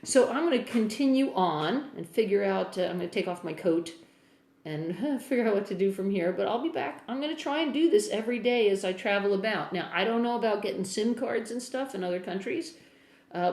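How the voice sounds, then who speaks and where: A woman's voice: mid-range voice, expressive, brisk, darkish tone. An American woman with an accent drifting toward English, a musician chatting casually and rambling to viewers on a phone livestream from a room in a house. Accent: American, partly English. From United States. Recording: echoey room.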